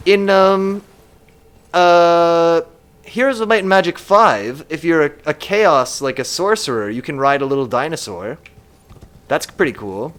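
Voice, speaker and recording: A man's voice: fairly high pitch, a little slow, a bit bright. A man casually musing aloud while streaming a game live and reading chat comments.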